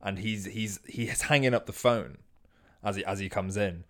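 A man co-hosting a comedy podcast, improvising a silly story with a partner, laughing often and dropping into quick character voices. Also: on the low side, fairly bright tone.

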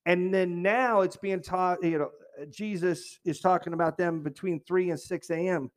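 A man with a fairly high voice delivers a sermon. He keeps it conversational, breaking off for jokey side notes and asking the congregation questions. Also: fairly even intonation, normal speed. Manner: jokey asides, restarts phrases. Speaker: preacher.

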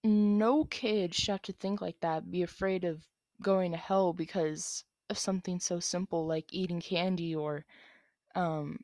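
A woman's voice: lowish voice, moderate pace, darkish tone, no room sound, studio quality. A young woman answering viewer questions in a casual vlog, rambling with lots of ums and likes.

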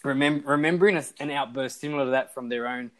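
A man's voice: medium pitch, fast talker, fairly bright tone, poor audio. A man, casually talking through a TV show on a podcast, rambling with lots of fillers and restarts. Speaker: podcast co-host. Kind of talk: casual chat reviewing a TV show.

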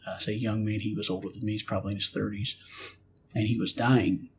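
A man's voice: lowish voice, little pitch movement, brisk, a little hiss or hum. A middle-aged man, a pastor, telling a personal story in an earnest preaching manner and acting out his prayers and God's replies. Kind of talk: storytelling in a spiritual conversation.

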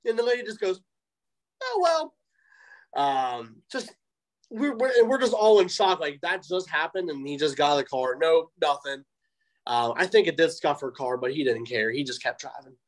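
A man's voice: fairly high pitch, moderate pace, rough recording. A young man, a professional wrestler, telling a story in a casual interview, acting out what people said with lots of ums. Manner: animated, acts out quoted voices, frequent fillers. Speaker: interview guest, pro wrestler.

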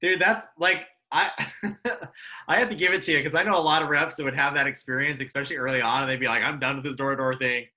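A man's voice: fairly high pitch, fairly even intonation, fast, bright, forceful tone. A man hosting a casual chat, loose and rambling, full of fillers. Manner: loose, filler-heavy, says "like" and "dude" a lot. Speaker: podcast host.

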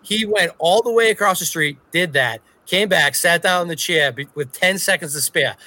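A man's voice: high-pitched, normal speed, sharp tone, no room sound. A man co-hosting a podcast, telling a story in a profane, ranting casual chat. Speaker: podcast co-host.

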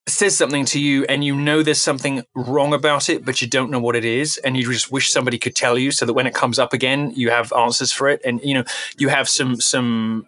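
A man talking as a guest on a podcast, lively and emphatic, stumbling over his own restarts as he pushes his points. His voice sits at a middling pitch. The sound is dry and close, with no room echo. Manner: animated, emphatic, frequent restarts. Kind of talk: podcast interview talk.

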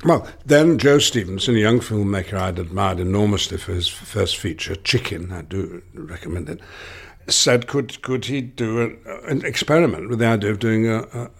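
An older man with a Lancashire accent speaks in a fairly low voice, thinking aloud as an interview guest. He circles back and restarts his phrases as he reflects. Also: vocal fry, husky. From Lancashire, England. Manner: musing, halting, many restarts.

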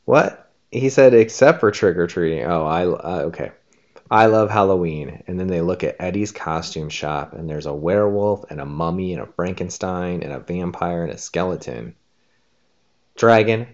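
Very deep-voiced woman reading a picture book. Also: moderate pace, darkish tone, dull audio. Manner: playful, coaxing. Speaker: host and story reader.

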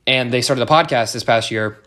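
A man's voice: mid-range voice, brisk, a bit bright. A young American man hosting a solo podcast, talking casually in a rambling way with lots of fillers, restarts and swearing. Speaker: podcast host.

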